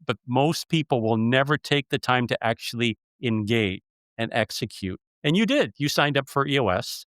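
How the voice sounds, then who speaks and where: A man's voice: medium pitch, expressive, moderate pace, a bit bright, no room sound, clean studio sound. A man hosting a casual interview, telling stories with emphasis. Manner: storytelling, emphatic. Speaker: podcast host.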